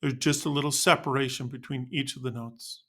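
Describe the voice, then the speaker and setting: A man's voice: mid-range voice, steady tone, fairly quick, sharp tone. A man teaching band students how to end notes, narrating a scripted lesson in an upbeat, explanatory way.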